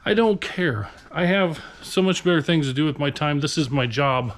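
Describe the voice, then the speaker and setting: A man's voice: fairly high pitch, fairly quick, a little hiss or hum. A man from Nebraska who resells for a living, venting to the camera in a tired, frustrated, rambling rant inside a storage unit. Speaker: reseller vlogger.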